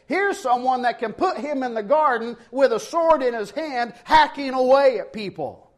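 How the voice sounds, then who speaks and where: A man's voice: extremely high pitch, expressive, a little slow, few pauses, a bit bright. A man preaching a sermon, acting out the quoted dialogue dramatically. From not from Ohio; lives in Ohio.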